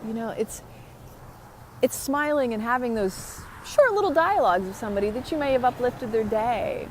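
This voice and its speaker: A woman's voice: fairly high pitch, expressive, normal speed, a little hiss or hum. A woman talking to her viewers in a motivational vlog, upbeat and chatty. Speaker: vlogger. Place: outdoors.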